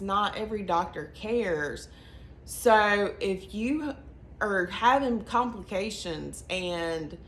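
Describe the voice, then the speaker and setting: A young woman with a Southern US accent telling her story to camera in a chatty, earnest way, racing through some phrases and slowing right down on others. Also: medium pitch, a bit bright. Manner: chatty, earnest, quick bursts between slow emphatic phrases. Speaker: vlogger. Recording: echoey room with faint ambient noise.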